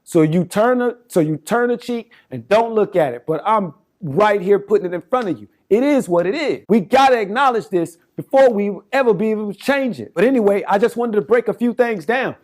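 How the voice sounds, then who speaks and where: High-voiced man in his forties, fervent. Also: animated, fairly quick, a little mellow. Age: 40s. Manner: fervent, rambling, speaks in slangy casual speech with many restarts. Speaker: self-styled political campaigner. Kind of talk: impassioned direct-to-camera monologue.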